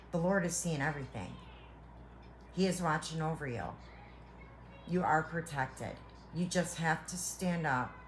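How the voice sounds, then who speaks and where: A woman tarot reader speaks slowly and earnestly in a lowish voice, offering a heartfelt spiritual reading. She halts and restarts her phrases as she reassures the listener. A faint hum of background noise sits under her voice. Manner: halting with repeated restarts.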